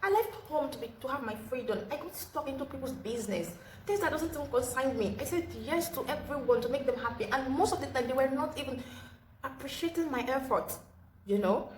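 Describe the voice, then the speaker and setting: A woman's voice: sits high, lively intonation, brisk, a little mellow, a little hiss or hum. A woman telling a personal story in a casual storytime vlog. She gives earnest advice and often repeats her key phrases. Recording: roomy echo with faint ambience.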